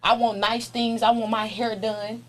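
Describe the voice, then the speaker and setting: A woman's voice: a little high, level tone, moderate pace. A young woman, an interview guest talking candidly in a casual chat, blunt and profane, laughing often.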